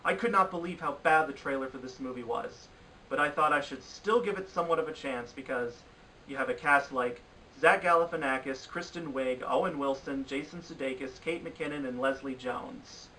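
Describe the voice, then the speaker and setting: A man's voice: mid-range voice, moderate pace, pushed and bright, far from the mic, a little hiss or hum, rough recording. A man giving an opinionated countdown of bad films, sounding exasperated and ranting in his critique. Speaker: film reviewer. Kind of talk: opinionated film review countdown.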